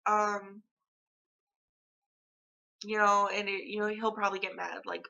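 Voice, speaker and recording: Young woman rambling to her phone cam, bright voice, kinda muffled lo-fi sound. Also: mid-range voice, level tone, measured pace, gravelly. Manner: rambling, chatty, lots of filler words. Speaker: vlogger. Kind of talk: casual chat to camera. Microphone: phone camera.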